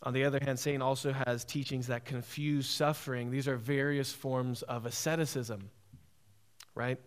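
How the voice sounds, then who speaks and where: A man's voice: medium pitch, steady tone, normal speed. A man preaching a sermon, emphatic and repetitive, often asking "right?".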